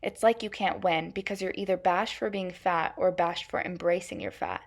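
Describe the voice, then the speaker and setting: A young adult woman presenting as a student, reading her class presentation in a steady, measured way with frequent hedging phrases. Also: lowish voice, vocal fry.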